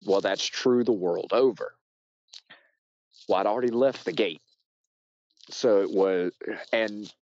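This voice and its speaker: Low-voiced American man telling a rambling story. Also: slow, long pauses, highs cut off. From United States. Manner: rambling, with frequent restarts and fillers; shouts loudly when acting out quotes. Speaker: podcast guest. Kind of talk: casual storytelling.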